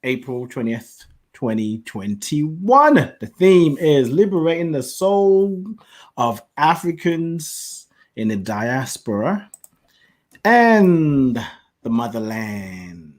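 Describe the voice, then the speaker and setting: A man hosting a reflective self-help podcast, musing aloud playfully with chuckles between slow affirmations. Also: medium pitch, sing-song. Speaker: podcast host.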